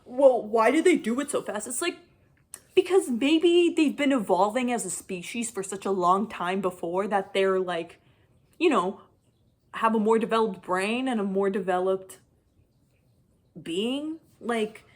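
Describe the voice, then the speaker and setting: A young adult woman giving a casual chapter-by-chapter book review, talking in an animated, frustrated rant full of "like". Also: fairly high pitch, measured pace. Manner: animated, frustrated ranting, heavy use of "like". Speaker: book vlogger.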